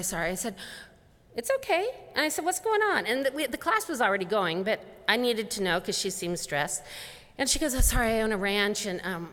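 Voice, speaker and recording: A woman giving a conference keynote, telling lively stories and acting out both sides of conversations. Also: fairly high pitch. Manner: animated storyteller acting out dialogue. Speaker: conference speaker. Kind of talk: motivational keynote talk. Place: large conference hall. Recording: long reverb of a large hall.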